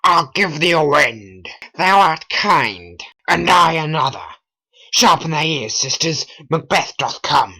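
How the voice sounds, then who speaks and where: A hobby voice actor voicing old witches in a homemade stop-motion play, chanting in a slow, drawn-out way. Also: mid-range voice, lively intonation, pushed and bright, heavily acted, poor audio. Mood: gleeful. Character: cackling weird sisters, old witches. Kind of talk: homemade animation voice acting.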